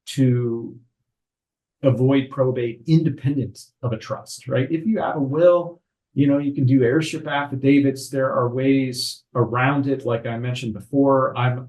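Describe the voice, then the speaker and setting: A man in a podcast conversation, explaining estate law in a measured, even way. He slows down to stress key terms and pauses with fillers as he thinks. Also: mid-range voice, poor audio. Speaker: estate planning attorney.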